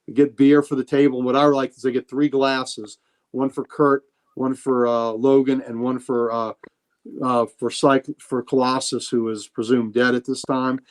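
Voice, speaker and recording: A man's voice: mid-range voice, flat delivery, moderate pace. A man co-hosting a casual podcast, retelling comic scenes with many restarts and fillers. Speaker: podcast co-host.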